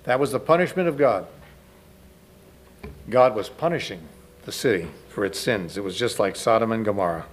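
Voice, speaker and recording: A man's voice: on the low side, moderate pace, pauses often, a little hiss or hum. Conversational man lecturing an audience. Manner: conversational, asks the audience questions. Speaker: lecturer speaking to a church audience. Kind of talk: spoken lecture to a live audience.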